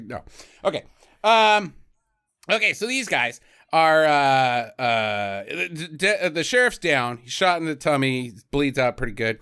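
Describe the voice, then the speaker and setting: A man's voice: on the high side, sing-song, measured pace, pushed and bright, clean tone, no echo, clean studio sound. A man co-hosting a comedy podcast, rambling through a bad movie's plot with profane jokey asides. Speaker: podcast co-host. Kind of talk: casual comedic film review.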